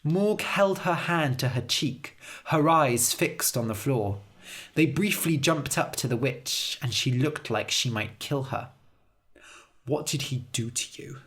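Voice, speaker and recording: A woman narrating a story for English learners as a scripted read-aloud, with an expressive, lively delivery. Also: a bass voice, a little slow.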